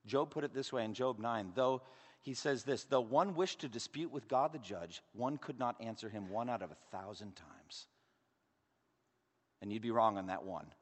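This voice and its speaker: A man preaching a sermon with emphatic rhetorical questions, swinging from loud declarations down to hushed asides. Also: mid-range voice, animated, fairly quick. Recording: long hall reverb.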